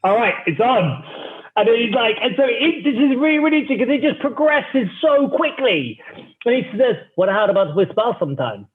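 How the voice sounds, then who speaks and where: A man's voice: extremely high pitch, lively intonation, a little fast. Tinny-sounding man telling a story. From England. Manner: swears freely, cheeky and theatrical. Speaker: startup founder, guest. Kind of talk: animated anecdotal storytelling. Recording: tinny phone-like remote line.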